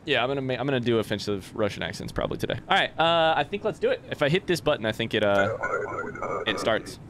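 A man's voice: mid-range voice, sing-song, quick pace, a bit bright, slight background noise. A young man doing live let's-play commentary, chatting with viewers and reading game text aloud.

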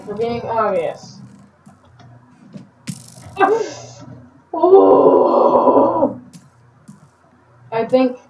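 Excitable woman gamer in an echoey room. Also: on the high side, slight background noise. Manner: excitable, repeats words in bursts. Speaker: gaming channel host. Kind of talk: casual game commentary. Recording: echoey, distant, muffled home recording.

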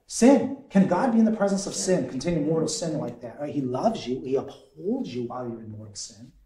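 A man in the role of a deacon, leading a conversational Bible study in an animated way, quizzing the group and chuckling often. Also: a little high. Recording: echoey room.

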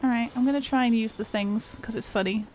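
A woman's voice: fairly high pitch, fairly even intonation, fast, a little mellow, slight background noise. A woman giving casual, jokey commentary while playing a video game, laughing often. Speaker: gaming streamer.

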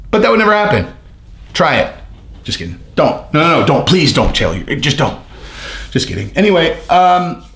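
Animated man ranting in an echoey room. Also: mid-range voice. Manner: profane, animated, acts out both sides of conversations. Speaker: MMA commentary YouTuber. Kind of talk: casual ranting vlog.

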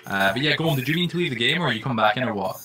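A man doing casual live-stream commentary while playing a game, jokey and excitable, swearing when startled. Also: medium pitch, rapid-fire, faint music behind.

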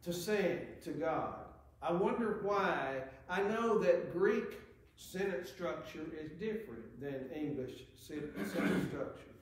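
A man's voice: fairly high pitch, animated, slow. A man preaching a sermon, earnest, reading scripture aloud with rising emphasis. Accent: Southern American. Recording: very echoey church hall.

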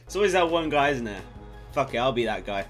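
A young British man of nineteen chats to his camera at home late at night. He rambles and gets excitable, swearing easily between thoughts. His voice sits at an ordinary middle pitch, with soft music faintly in the background. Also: quick pace. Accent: British English. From Britain. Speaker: YouTuber. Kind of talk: casual vlog chat to camera.

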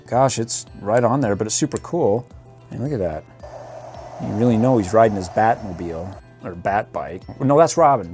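A man's voice: mid-range voice, darkish tone, breathy edge. A middle-aged man doing an enthusiastic, jokey toy unboxing review. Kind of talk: casual toy unboxing commentary.

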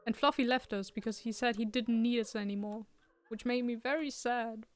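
A woman's voice: fairly high pitch, steady tone, normal speed. A woman giving casual, jokey commentary while playing a horror game, talking to the characters on screen. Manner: chatty, jokey, talks to the game. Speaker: let's play streamer.

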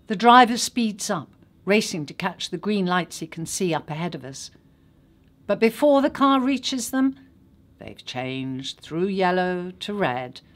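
An actress reading a literary short story aloud in a measured, unhurried way. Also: female voice, low voice.

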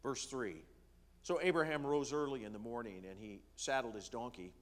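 A pastor preaching in a church, reading scripture aloud and slowing down to stress key words, with the odd filler. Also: male voice, fairly high pitch. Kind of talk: sermon reading and explaining scripture. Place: church sanctuary.

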